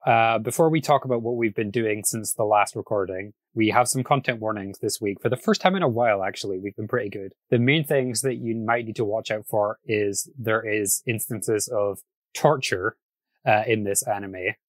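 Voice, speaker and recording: A man's voice: on the low side, normal speed, dry recording. Chatty man hosting a podcast, dry sound. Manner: chatty, laughs often, frequent restarts. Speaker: podcast host. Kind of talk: casual podcast chat.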